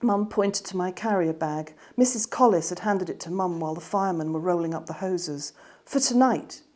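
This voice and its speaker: A woman reading her children's novel aloud in a gentle, expressive way. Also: fairly low pitch, a little fast. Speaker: author reading her book.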